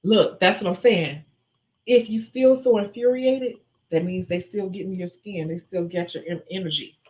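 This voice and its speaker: A woman's voice: medium pitch, normal speed, warm tone, rough recording. Chatty woman hosting a live Q&A. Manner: candid, chatty, mimics voices when retelling stories. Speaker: livestream host answering viewer questions. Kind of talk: casual live chat.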